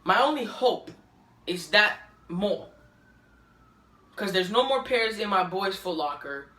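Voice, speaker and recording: Bright-voiced woman on a profane rant. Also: medium pitch, lively intonation, slow, roomy sound. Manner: profane, frustrated, rising to shouting. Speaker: vlogger. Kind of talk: angry rant to camera. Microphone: phone on selfie stick.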